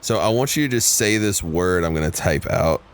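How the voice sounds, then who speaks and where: A man with a very deep voice co-hosts a podcast. He jokes around in an easy, laid-back way. He grew up in South Carolina. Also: expressive, a little fast. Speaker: podcast co-host. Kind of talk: casual podcast chat.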